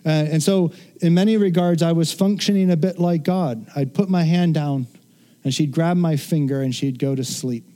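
A man's voice: a little high, normal speed, dark tone. A middle-aged man preaching a sermon in an earnest, conversational way, with asides and restarts. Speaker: pastor.

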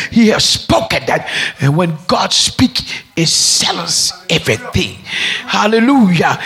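Gravelly, fiery woman preacher. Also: lowish voice. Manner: shouting, speaking in tongues; rhythmic, repetitive preaching cadence. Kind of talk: fiery sermon.

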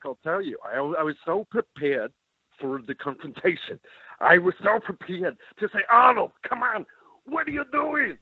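Male storyteller, emphatic and animated, slightly husky, dry and tinny like a phone line. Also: a little high, dry recording. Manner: animated, emphatic, repeats "let me tell you". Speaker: storyteller guest. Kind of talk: animated anecdote telling.

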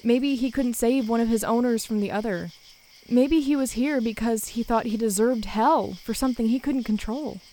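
A woman narrating a first-person horror story in a calm, measured way. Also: a little high, low-quality recording.

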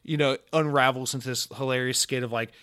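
A man's voice: mid-range voice, quick pace. Rambling mock-serious male podcast host. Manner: mock-serious, rambling, animated with many restarts and fillers. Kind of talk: solo podcast rant.

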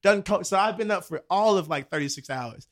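A man's voice: high-pitched, a little fast. A young man, telling a story to friends in casual chat, acting out the voices of people in it and swearing freely. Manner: animated, acts out quoted dialogue, swears freely.

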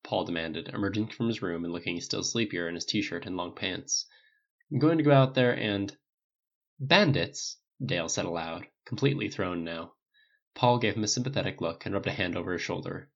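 Male narrator, lowish register, steady storybook reading, muffled recording. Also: brisk. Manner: reads all characters with small pitch lifts in dialogue. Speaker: audiobook narrator. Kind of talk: scripted narration.

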